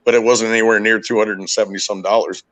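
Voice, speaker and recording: A man's voice: on the low side, little pitch movement, quick pace, fairly bright tone, dry recording, poor audio. A man chatting casually on a podcast, telling frustrated stories with plenty of swearing. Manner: profane, ranting, frustrated storytelling. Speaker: podcast host. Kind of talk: casual chat.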